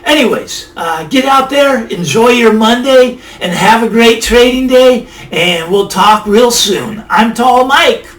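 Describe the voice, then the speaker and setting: A man's voice: extremely high pitch, expressive, measured pace, hardly any pauses, fairly bright tone, echoey room, far from the mic. A man hosting a finance video, giving casual, emphatic market commentary that rambles and repeats itself.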